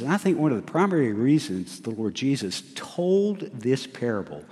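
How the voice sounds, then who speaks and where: A middle-aged male pastor preaches in a lively, swooping voice, asking the room questions and poking fun at himself. His voice sits at an ordinary pitch and carries a long reverb from a church sanctuary. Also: normal speed, few pauses. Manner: animated preacher, asks the congregation questions, laughs at himself. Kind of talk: sermon.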